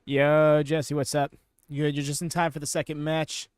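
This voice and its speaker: A man's voice: fairly high pitch, monotone, normal speed, clean tone, no room sound, studio quality. A man hosting a live wrestling watchalong stream, chatting casually and answering viewers in chat. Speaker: watchalong host.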